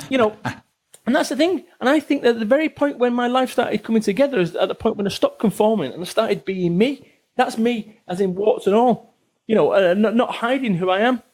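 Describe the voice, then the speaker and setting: His voice is high with a darkish tone. He's a forties-aged business author from Salford, England, appearing as a podcast guest in a casual interview, where he talks bluntly, curses freely and repeats phrases to stress them.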